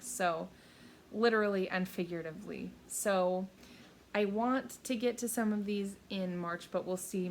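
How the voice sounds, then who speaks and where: Woman, 30s, mid-pitched, casual upbeat book vlogger, faint room ambience. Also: slight background noise. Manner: chatty, upbeat, many fillers and restarts. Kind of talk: casual book haul chat.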